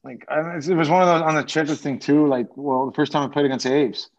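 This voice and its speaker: A man's voice: fairly high pitch, fairly even intonation, fast talker. Rambling man with a dull lo-fi sound. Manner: rambling, profane, frequent restarts. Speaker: podcast guest, former pro hockey player. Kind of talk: casual storytelling.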